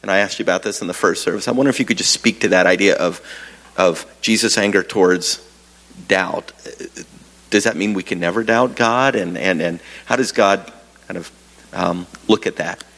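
Gravelly-voiced male pastor asking questions. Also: sits low, a bit bright, long reverb tail, low-quality recording. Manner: halting, many fillers, friendly. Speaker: pastor interviewing a guest. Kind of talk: stage interview at a church service. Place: church sanctuary with congregation.

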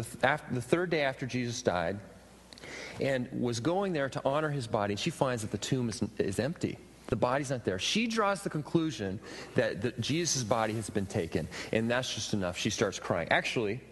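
A man preaching a sermon, retelling a scripture passage with expressive, emphatic questions. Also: mid-range voice. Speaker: pastor. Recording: reverberant hall with faint ambient noise.

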